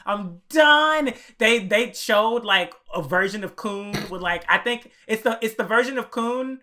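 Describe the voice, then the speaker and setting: Excitable, profane young man on a podcast. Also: high voice, measured pace. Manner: animated, profane storytelling, acts out his own reactions. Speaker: podcast co-host. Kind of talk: casual podcast chat.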